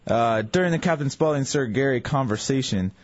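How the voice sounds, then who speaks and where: A man's voice: mid-range voice, animated, a little fast, dry recording. A man on a radio show, tersely explaining and asking quiz questions. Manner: terse, plain answers. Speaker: radio show regular running a quiz game. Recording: dry, dull radio broadcast.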